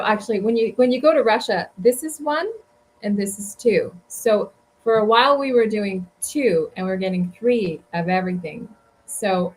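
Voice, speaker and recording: A woman's voice: mid-range voice, rough recording. A woman guest telling travel stories in a casual interview, chatty and rambling with many fillers. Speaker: guest author.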